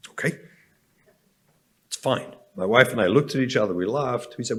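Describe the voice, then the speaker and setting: A man's voice: medium pitch, normal speed, long pauses, a bit bright. An English man, a rabbi, delivering a storytelling keynote address and speaking directly to the audience. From England.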